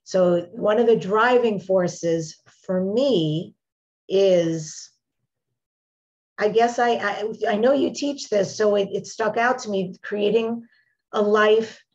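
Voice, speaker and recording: A woman hosting a podcast who asks searching questions in a casual, halting way. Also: medium pitch, darkish tone. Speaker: podcast host. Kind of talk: casual interview chat. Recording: dull, lo-fi remote audio.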